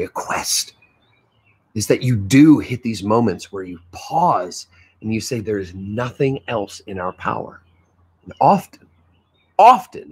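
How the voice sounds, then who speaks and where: A man's voice: on the low side, a little mellow, slightly rough. A male teacher reading a novel aloud to his class, stopping now and then to comment on the story.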